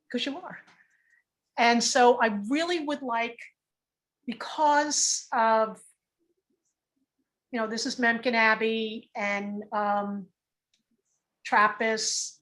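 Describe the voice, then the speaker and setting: Woman meditation teacher, fairly high voice, chatty and rambling, video call. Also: fairly bright tone. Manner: chatty, rambling, with many restarts. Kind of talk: casual online workshop talk.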